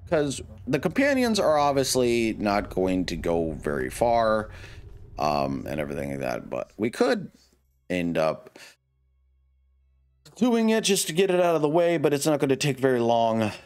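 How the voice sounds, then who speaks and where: A man's voice: mid-range voice, wildly swooping pitch, a little slow, a little mellow. A tired man hosting a let's-play, thinking aloud hesitantly with many fillers. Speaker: gaming channel host. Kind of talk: casual let's-play commentary.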